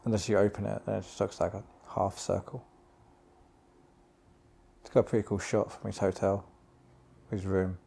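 A man's voice: on the low side, level tone, moderate pace, vocal fry, long pauses, warm tone, slightly rough. A man hosting a podcast, giving casual, rambling commentary over a film and joking to himself. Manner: rambling, jokey, talks to himself. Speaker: podcast host.

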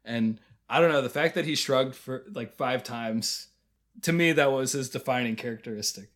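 A podcast co-host, this man speaks in a mid-range voice at normal speed with a fairly bright tone. He casually retells scenes and laughs often in a relaxed review chat.

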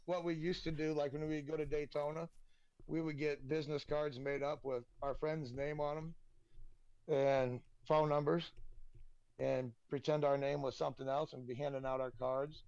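A man's voice: a little high, level tone, normal speed, a little mellow, no echo, highs cut off. A man guesting on a podcast, telling loose, profane, laughing anecdotes in a rambling way. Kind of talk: casual storytelling.

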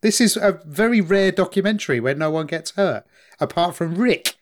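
A man's voice: high voice, expressive, normal speed. A man co-hosting a podcast in casual chat, upbeat and cheerfully leading the discussion. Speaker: podcast co-host.

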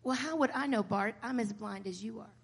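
Woman playing a blind beggar man, grumbling, dry asides, high voice, long reverb. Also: fairly quick, slight background noise, lightly acted.

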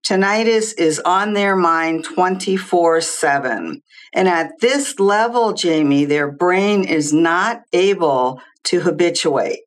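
A woman who is a social worker, a guest expert giving measured, explanatory interview answers. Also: lowish voice. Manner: measured, explanatory, lists figures clearly.

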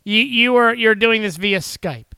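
Bright, crisp high-voiced man. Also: unhurried, no room sound. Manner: questioning, joking. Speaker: podcast co-host. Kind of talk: casual chat.

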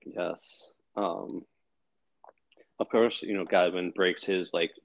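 A man's voice: low-pitched, fairly even intonation, slow, gravelly, no room sound, rough recording. A man in his thirties co-hosting a fantasy football podcast, rambling in casual chat with lots of fillers and swearing.

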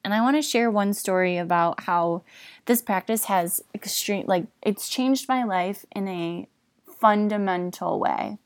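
A woman's voice: mid-range voice, unhurried, no room sound. A young woman hosting a podcast, speaking in a candid, confessional way with casual fillers. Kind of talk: personal reflective talk.

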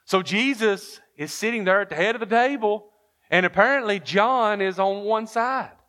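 A man's voice: high-pitched, normal speed, sharp tone. A man preaching a sermon, telling the story with lots of rhetorical questions and reading King James verses aloud.

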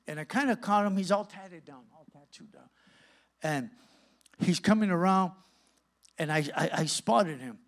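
A middle-aged man from California, a guest pastor telling a lively testimony in a sermon and acting out the dialogue. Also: on the high side. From Santa Ana, California. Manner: animated storyteller acting out dialogue.

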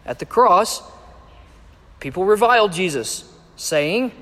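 A man preaching a sermon, measured and emphatic as he reads and explains scripture. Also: sits high. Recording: echoey hall with long reverb.

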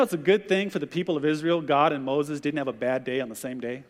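A male pastor preaching a sermon, an animated storyteller who acts out the voices he quotes. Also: sits high, fairly quick, big-room sound.

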